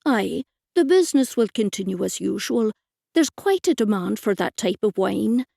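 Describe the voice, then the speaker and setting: A man's voice: sits high, animated, moderate pace, creaky, darkish tone, no room sound, studio quality, exaggerated voice. A woman voicing a curt, guarded Irish man staying as a guest in a storybook mystery, giving short, unhelpful replies.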